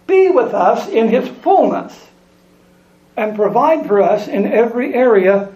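A man's voice: very high voice, dark tone. A man preaching a sermon, reading scripture aloud and repeating lines for emphasis. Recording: echoey room, dull lo-fi sound.

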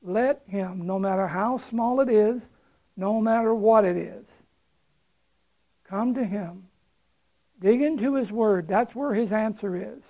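A man's voice: high-pitched, slow pace, pauses often, dull audio. A male pastor preaching a sermon with fervor, repeating phrases for emphasis and closing in prayer.

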